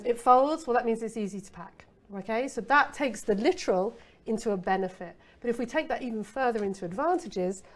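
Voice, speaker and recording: A middle-aged woman giving a casual copywriting masterclass, chatty and playful, with rhetorical asides to her listener. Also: a little high.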